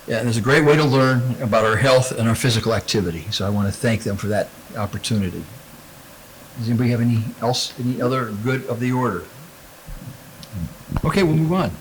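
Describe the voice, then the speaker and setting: A man runs a school board meeting in a loose, halting way, with frequent uh's. Faint room ambience sits behind his voice. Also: mid-range voice, slight background noise, poor audio. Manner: informal, with hesitant fillers. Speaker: board president chairing a meeting. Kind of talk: chairing a public meeting.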